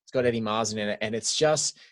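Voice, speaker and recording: A man's voice: fairly low pitch, fast talker. Rambling, enthusiastic man. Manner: rambling, enthusiastic, trails off softly. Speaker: podcast co-host. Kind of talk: casual chat.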